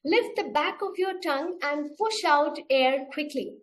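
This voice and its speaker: Slow, high-voiced woman teaching phonics. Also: expressive. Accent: Indian English. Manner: slow, patient, demonstrates sounds and repeats steps. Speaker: teacher trainer. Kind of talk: webinar instruction.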